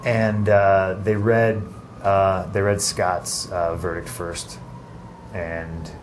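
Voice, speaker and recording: Interview guest, male, very low pitch, halting with restarts, faint noise behind. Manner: halting, many restarts and fillers. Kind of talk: casual interview.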